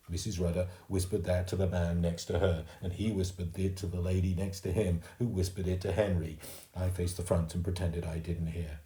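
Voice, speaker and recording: A man reading a children's book aloud as a storyteller, slow and expressive, in a roomy recording. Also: deep voice. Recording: roomy echo.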